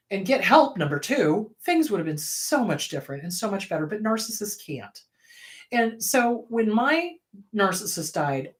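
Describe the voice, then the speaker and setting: A woman therapist hosting her own show, talking in a candid, conversational way. She is blunt and emotional, and her voice jumps up high and loud whenever she quotes someone. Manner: swings to loud, high bursts when quoting. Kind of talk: casual advice talk.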